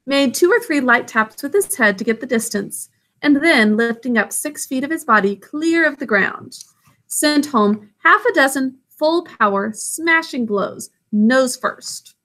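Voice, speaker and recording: A woman's voice: high-pitched, lively intonation, measured pace, a bit bright. A woman reading a story aloud, stopping to explain what is happening. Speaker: storybook reader.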